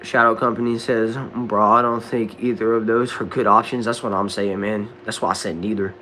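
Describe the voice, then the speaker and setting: A young man with a Southern accent from Texas, casually answering chat questions on a livestream in a relaxed, drawling way. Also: fairly low pitch, moderate pace, a little hiss or hum. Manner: laid-back, drawling, says bro and dude a lot. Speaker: livestream host reading chat. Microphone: desk microphone.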